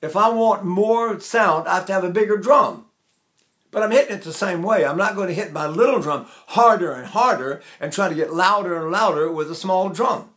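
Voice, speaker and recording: An eighty-three-year-old man teaches singing technique, talking casually and showing each breathing step as he goes. His speaking voice sits a little high for a man, and he keeps talking even while holding a full breath. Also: normal speed. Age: 80s. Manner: chatty, demonstrative, holds breath while talking.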